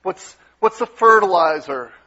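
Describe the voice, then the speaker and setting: High-voiced man preaching gently. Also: lively intonation, measured pace, muffled recording. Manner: conversational preaching with soft quoted asides. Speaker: pastor. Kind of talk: sermon.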